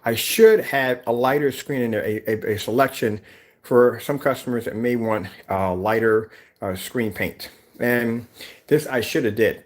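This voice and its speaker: A man's voice: fairly low pitch, normal speed. A tired man rambling about his product in a casual vlog, with many fillers and restarts. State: tired, yawning. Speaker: small business owner presenting a product.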